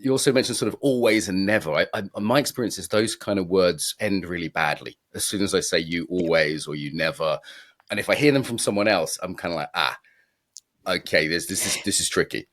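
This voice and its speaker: A man's voice: deep voice, quick pace. A British man hosting a podcast interview, chatting casually with jokey, self-deprecating questions. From Britain. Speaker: podcast host.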